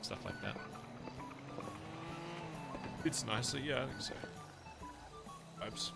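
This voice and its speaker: A man's voice: mid-range voice, slow, vocal fry, over loud music. An English man streaming a roleplay game, rambling and joking at himself with his viewers. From England. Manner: rambling, self-mocking, laughs at own remarks. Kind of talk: casual chat to stream viewers.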